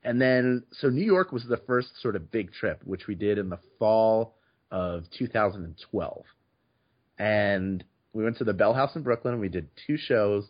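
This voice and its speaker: A man's voice: fairly low pitch, normal speed. A man, a podcast host, telling stories in casual chat, with frequent restarts and repeated words. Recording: slightly muffled audio.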